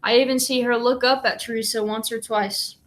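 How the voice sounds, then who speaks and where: A woman's voice: on the high side, fairly even intonation, brisk. A woman reading chapters of a novel aloud, with brief plain asides between them. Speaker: reader and commentator.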